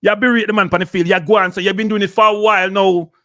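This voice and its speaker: A man's voice: sits high, flat delivery, fast, bright, forceful tone, no room sound, clean studio sound. A man with a Jamaican accent hosting a live show, ranting and scolding in patois. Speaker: host. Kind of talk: heated live commentary.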